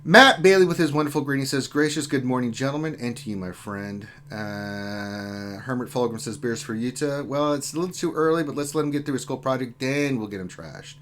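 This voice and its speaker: A man's voice: medium pitch, brisk, few pauses, fairly bright tone, slight background noise. A man hosting a lunchtime gaming live stream, joking around and reading out viewer comments in a casual chat. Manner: joking, banter-filled.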